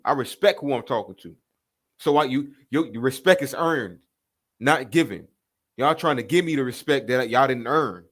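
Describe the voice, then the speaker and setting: A man's voice: mid-range voice, expressive, normal speed, a bit bright. Angry, profane man ranting. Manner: confrontational, profane, calling people out. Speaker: reaction video host. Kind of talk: heated rant reacting to a clip.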